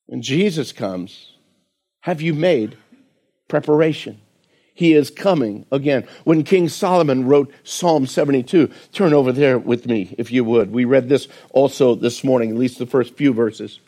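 Earnest preaching man, asking the congregation. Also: mid-range voice. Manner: earnest preaching with rhetorical questions; recites hymn lyrics in a slower, softer voice. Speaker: pastor. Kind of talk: sermon.

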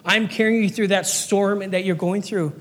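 A man's voice: high-pitched, fairly even intonation, moderate pace. A man preaching a sermon as pastor and fire chaplain, earnest and repetitive, sometimes acting out little voices. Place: church sanctuary. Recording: long hall reverb.

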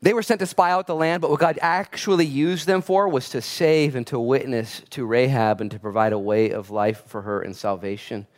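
A man preaching a casual, conversational sermon, animated and joking as he acts out the voices of people in his stories. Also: medium pitch, moderate pace, few pauses. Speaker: pastor.

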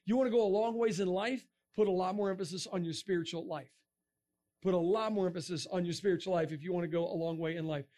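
Man, middle-aged, high-pitched, animated speaker, quizzes the audience, jokes. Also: fast. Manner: animated, asks the crowd questions, jokes. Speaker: creationist speaker. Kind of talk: lively talk to a youth audience.

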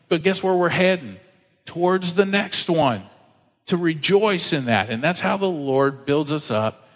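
Guy preaching a sermon, kinda high voice, acts out the quotes, big echoey church hall. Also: moderate pace. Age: adult, married with children. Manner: animated, acts out quoted voices and reads scripture aloud. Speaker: pastor.

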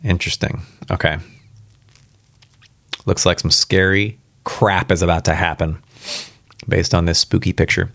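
A man's voice: sits low, level tone, measured pace, vocal fry, pauses often, a bit bright, no room sound. A man reading a spooky story aloud for the first time, casual and reacting aloud between passages. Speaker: reader.

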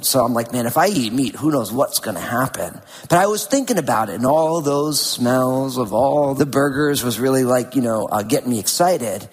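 Husky-voiced pastor from New Jersey. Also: male voice, mid-range voice. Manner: casual, conversational, with self-deprecating asides. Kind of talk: sermon with personal storytelling. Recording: long reverb with faint music behind.

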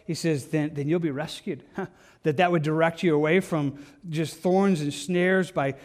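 Brief: male pastor, fairly high voice, earnest and pastoral, sermon delivery with frequent restarts. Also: steady tone, normal speed, darkish tone. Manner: earnest, pastoral, repeats words and restarts phrases.

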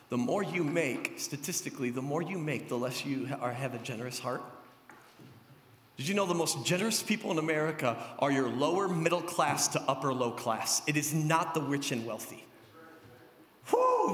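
A man preaching a sermon with animated delivery, acting out God and his listeners in quoted asides. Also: a little high, a little hiss or hum. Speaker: pastor. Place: church hall. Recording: echoey hall with faint music.

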